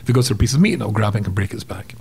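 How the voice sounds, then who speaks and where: A man's voice: fairly low pitch, animated, very fast, husky. A man telling a story as a guest on a casual interview podcast, acting out sounds and voices as he goes.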